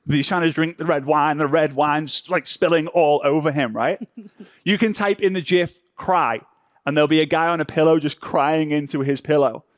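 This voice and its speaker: A man's voice: fairly high pitch, dry recording. A man teaching a workshop with a slightly raised voice. He is playful, acting out the little reactions people have while texting. The sound is dry and close. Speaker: workshop presenter.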